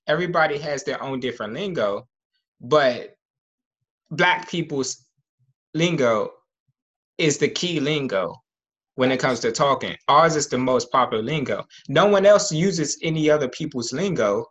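A man co-hosting a podcast, chatting casually with relaxed, slangy opinions. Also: medium pitch, unhurried. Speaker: podcast co-host. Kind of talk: casual chat.

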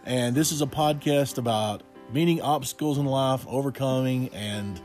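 A man's voice: mid-range voice, moderate pace, soft background music. A man in his forties co-hosting a podcast, chatting casually and rambling with fillers. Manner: relaxed, rambling, with fillers and self-corrections. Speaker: podcast co-host. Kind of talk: casual conversational podcast chat. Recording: roomy echo.

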